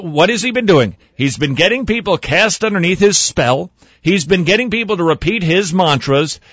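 A man hosting a radio talk show, commenting sarcastically on sermon clips and swinging between loud remarks and hushed asides. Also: on the high side, no room sound, dull audio.

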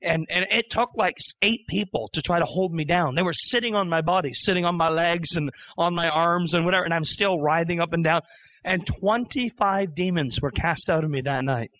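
Animated high-voiced male preacher. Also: brisk. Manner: animated storytelling, quoting voices. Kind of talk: testimony sermon.

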